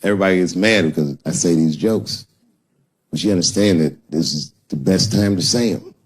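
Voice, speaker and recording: A man's voice: low-pitched, moderate pace, slightly rough. A middle-aged man performing a profane stand-up comedy set on stage, telling stories and acting out other people's voices. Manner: profane storytelling, acts out voices. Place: stage before a live audience. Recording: live show with audience noise.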